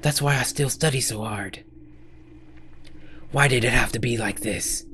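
A man voicing an insecure young male student in a game dub, pleading and high-strained. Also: a little slow, pushed and bright, slight background noise. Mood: despairing.

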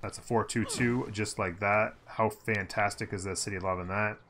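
Bright-voiced man narrating a strategy game. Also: lowish voice, fairly even intonation, moderate pace, a little hiss or hum. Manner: upbeat, thinking aloud, hums while playing. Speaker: gameplay commentator. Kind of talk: casual strategy-game commentary.

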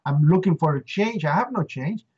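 Middle-aged puerto rican guy telling a story, does the voices, kinda husky, muffled lo-fi sound. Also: animated, moderate pace, darkish tone. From Puerto Rico. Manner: acts out quoted voices with rising pitch. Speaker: interview guest. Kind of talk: emotional eyewitness storytelling. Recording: dull lo-fi recording.

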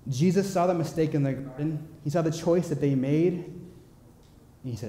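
A young man with a slightly high voice delivers a sermon in a church sanctuary. He tells stories in a playful, animated way with quick asides to the congregation. The big room carries a long, echoing reverb. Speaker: preacher. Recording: echoey church hall.

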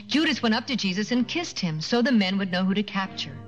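A woman tells a children's story with lively, expressive narration at a middle pitch. The sound is dull and muffled like an old video soundtrack, with clear music underneath. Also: a little fast.

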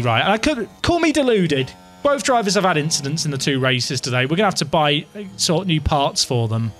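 A young man giving live, excitable commentary to his viewers while playing a game, dramatic and self-mocking. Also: on the high side, slight background noise. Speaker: game streamer.

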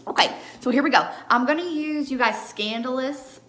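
A young woman with a high voice chats through a live makeup tutorial from her home, sitting under a ring light and asking her viewers "okay?" after almost every step. She talks at a normal speed. The room is echoey and there's some background noise.

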